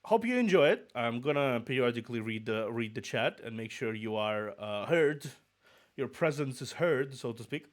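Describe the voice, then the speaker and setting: A man's voice: mid-range voice, lively intonation, moderate pace. Man, slight Russian accent, a little sick, rambling casual stream chat, muttered asides, restarts. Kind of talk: casual chat before a book reading.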